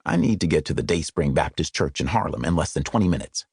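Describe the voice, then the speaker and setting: A man voicing a curt, hurried, charming young man in an audiobook. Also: rumbling low, animated, darkish tone, breathy edge, dry recording, clean studio sound, full character voice. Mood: brusque. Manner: curt, brusque. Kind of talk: audiobook character voice.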